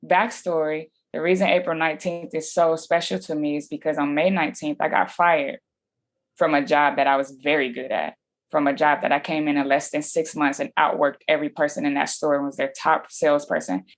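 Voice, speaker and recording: A woman's voice: deep voice, fairly even intonation, brisk. A woman telling her story as a guest on a podcast. She talks casually and with animation, uses slang and acts out what people said.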